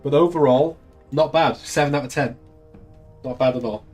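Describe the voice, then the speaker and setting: A man's voice: medium pitch, normal speed, a little mellow, soft background music. An English man, a young adult, chatting casually on a live stream, laughing often and swearing freely. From England. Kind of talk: casual chat.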